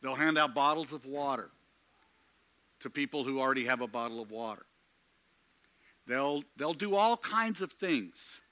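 A man preaching a sermon from the pulpit, slow and emphatic with dramatic pauses. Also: mid-range voice, lively intonation, pushed and bright, no echo. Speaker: pastor.

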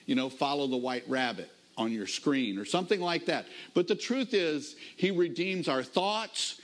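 Preaching in a storytelling, conversational style, this middle-aged pastor eases his pace to emphasize important phrases. His voice is a little high and fairly bright.

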